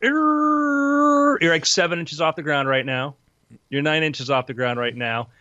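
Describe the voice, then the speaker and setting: A man narrating a tabletop game as game master, in a playful, lively way. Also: mid-range voice, moderate pace, smooth, no room sound. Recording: dull lo-fi sound.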